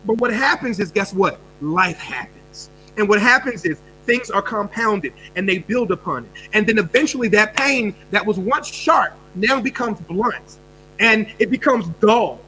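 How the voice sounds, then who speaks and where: Animated man telling a story with bursts. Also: high-pitched, slight background noise, rough recording. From United States. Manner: animated, repeats words, fast bursts and sudden drops. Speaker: guest speaker and coach. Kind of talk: energetic storytelling answer.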